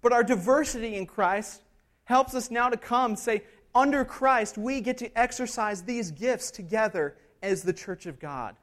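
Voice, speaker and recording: A man's voice: extremely high pitch, unhurried, a bit bright. A man preaching an expository sermon as pastor. He talks in an earnest, conversational way, checking in with "right?" and building to emphatic passages.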